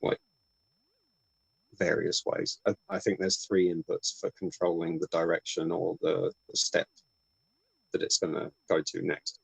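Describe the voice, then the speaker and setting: A man on a video call explaining things casually, slowly and with hesitation. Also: deep voice, flat delivery, creaky, husky, no echo, poor audio.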